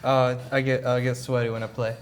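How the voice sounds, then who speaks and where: A man's voice: medium pitch, level tone, brisk, faint music behind, close to an everyday voice. A man voicing a slack, drawling male rock musician who keeps calling people man. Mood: laid-back. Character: laid-back sweaty male rock musician.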